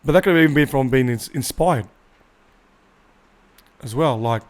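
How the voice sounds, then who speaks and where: A man's voice: medium pitch, measured pace. A man co-hosting a podcast, talking easily in casual chat with tags like "you know what I mean". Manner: easygoing, tag questions, fillers. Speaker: podcast co-host.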